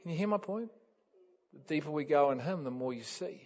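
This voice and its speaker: A man preaching a sermon, telling a story with lively energy and laughter, building up to loud exclamations. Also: fairly high pitch, fairly quick. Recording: dull lo-fi sound.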